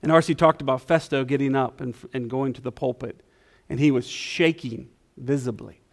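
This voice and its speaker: Guy giving a sermon in church, raspy low fry, casual and humble, goes quiet for prayer. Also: moderate pace. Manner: conversational, self-deprecating, with soft prayerful passages. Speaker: guest preacher. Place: church sanctuary.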